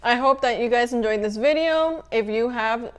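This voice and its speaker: A young woman with a somewhat high voice walks viewers through a home cooking video. She keeps it chatty and relaxed, talking casually as she cooks and tastes the food. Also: normal speed. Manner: chatty, relaxed, talks while cooking and eating. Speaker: cooking channel host.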